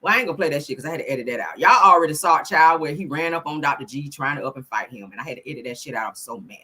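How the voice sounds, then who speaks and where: A woman doing casual celebrity gossip commentary, loud, sassy and profane. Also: sits low, rapid-fire, slightly rough.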